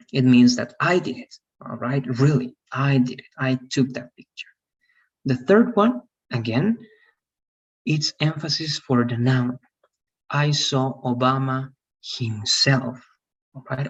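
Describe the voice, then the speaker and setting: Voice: medium pitch, darkish tone, husky. An English teacher giving an online grammar lesson, explaining step by step and often checking if students follow. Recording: distant, dull online class audio.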